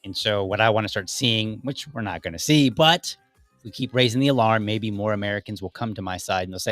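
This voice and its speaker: A man hosting a political podcast in a casual, opinionated way, rambling with frequent restarts, his voice a bit deeper than usual as he is under the weather. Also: a little fast, a bit bright, no echo, faint music behind. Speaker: podcast host.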